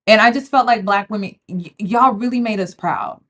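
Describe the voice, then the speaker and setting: A woman's voice: mid-range voice, moderate pace. A woman giving casual, slangy commentary on a reality show, chatty and talking straight to her viewers. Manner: animated, chatty, slangy, addresses viewers as y'all.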